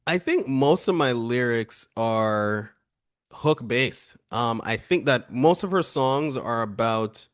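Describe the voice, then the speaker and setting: A man's voice: medium pitch, expressive, takes it slowly, clear, resonant tone. A man co-hosting an album review show, chatting casually and laughing often as he reads lyrics aloud. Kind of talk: casual music review chat.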